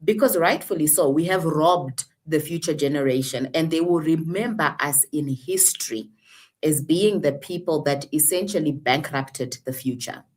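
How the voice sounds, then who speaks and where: A woman speaking on a panel, earnest and rhetorical, slowing down to stress her points. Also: sits low, a little mellow. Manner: earnest, rhetorical, drawn-out emphasis. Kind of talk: impassioned panel talk.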